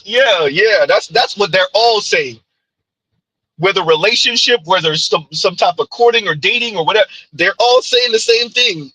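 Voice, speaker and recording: A man hosting a livestream who reads viewer comments aloud in an animated, teasing way. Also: high voice, normal speed, husky, no echo, low-quality recording. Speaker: livestream host. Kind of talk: reading live chat comments.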